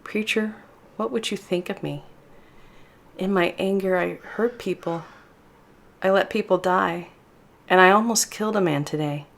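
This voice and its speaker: A woman voicing a grieving young woman who quietly pleads for forgiveness. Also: medium pitch, unhurried, creaky, pauses often.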